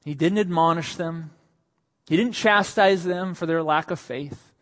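Slow-spoken pastor preaching in a hall. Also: male voice. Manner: rises to emphatic, raised delivery on quoted lines, then drops soft and low. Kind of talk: sermon.

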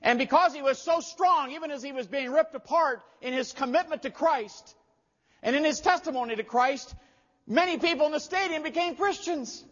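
A pastor with a high voice delivers a sermon in storytelling fashion, surging into loud, forceful emphasis. The sound is muffled and lo-fi, with a long reverb from the church hall around him. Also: male voice, normal speed. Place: church sanctuary.

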